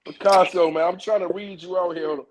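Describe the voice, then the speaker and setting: A man co-hosting a boxing talk show, joking and trying to calm down the other two. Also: high-pitched, brisk, a little hiss or hum. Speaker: podcast co-host. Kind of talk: casual chat.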